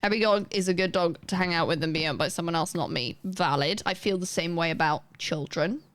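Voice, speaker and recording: A young woman chatting casually on a live gaming stream, rambling and self-deprecating with quick asides. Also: fairly low pitch, a bit bright, no room sound. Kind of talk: casual chat while gaming.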